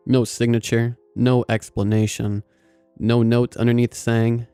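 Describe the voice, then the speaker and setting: A man narrating a scripted first-person story in a measured, even way. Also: medium pitch, clean tone, no echo, faint music behind.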